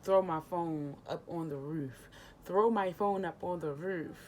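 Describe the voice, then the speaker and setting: A young woman vlogger casually retelling a personal story, animated and emotional, acting out the dialogue. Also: on the low side, a little slow, noisy background.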